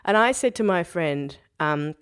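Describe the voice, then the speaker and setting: Chatty woman, lowish voice. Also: measured pace, clean tone. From Australia. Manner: animated, laughs often, restarts mid-sentence. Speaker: podcast co-host. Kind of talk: casual chat.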